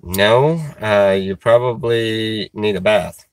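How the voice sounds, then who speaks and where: Halting, chatty man on a dry mic. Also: on the low side, steady tone, no echo. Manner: halting, many restarts and fillers; chuckles while reading comments. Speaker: livestreamer reading chat. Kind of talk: casual live chat.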